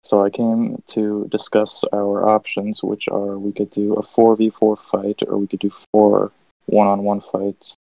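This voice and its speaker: A man's voice: fairly low pitch, completely flat delivery, a little slow, gravelly, dark tone, dry recording. A man playing a tabletop role-playing game, talking casually and hesitantly with fillers. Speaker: player. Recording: dull, lo-fi dry mic.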